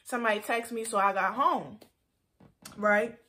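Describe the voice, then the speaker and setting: A woman's voice: medium pitch, normal speed, pushed and bright, slight background noise. A young woman vlogger telling a personal story in a frank, heated, casual way, full of "like". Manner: frank, heated, heavy use of "like".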